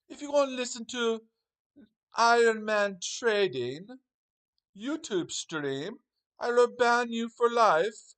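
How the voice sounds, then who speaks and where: A man's voice: high-pitched, pitched above the performer's own voice. A man doing a bellowing, pompous Englishman with a put-on English accent who mocks a rival. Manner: bellowing, loud and theatrical.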